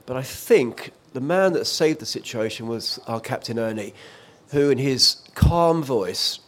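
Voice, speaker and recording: A man's voice: medium pitch, expressive, unhurried. A man who worked as an offshore radio presenter, telling a vivid story in conversation with frequent fillers and restarts. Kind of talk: reminiscing in conversation.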